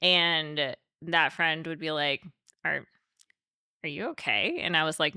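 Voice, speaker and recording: A young woman with a low, bright voice, sharing candidly on a podcast. She speaks openly and emotionally, looping through fillers as she works out her thoughts. The sound is dry and close, her tone crisp. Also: steady tone, no echo. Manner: open and emotional, quick, many "like" fillers. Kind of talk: candid conversational podcast talk.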